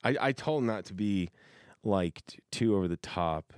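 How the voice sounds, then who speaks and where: A man's voice: fairly low pitch, animated, normal speed, a little mellow, no room sound, studio quality. A man in a casual chat, reading messages aloud in a rambling, self-interrupting way and laughing often. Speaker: host reading messages from coworkers.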